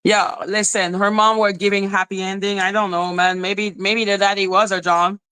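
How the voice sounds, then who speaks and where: A woman hosting a live podcast, ranting in an animated, profane way and laughing often. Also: medium pitch, moderate pace, smooth, poor audio. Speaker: podcast host.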